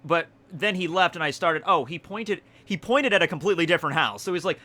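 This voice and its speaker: Man, 20s, YouTuber, excitable swearing storyteller, bright and forceful. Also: sits high, brisk. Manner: excitable, swears often, laughs through the story. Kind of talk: casual storytelling vlog.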